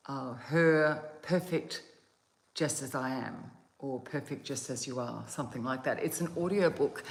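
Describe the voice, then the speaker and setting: A woman hosting a meditation channel, chatting casually and gently to her viewers from home, with the odd yawn on a phone mic. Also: low-pitched, reverberant. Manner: soft, gentle and meandering, with yawns. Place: at home, outdoors on a calm day.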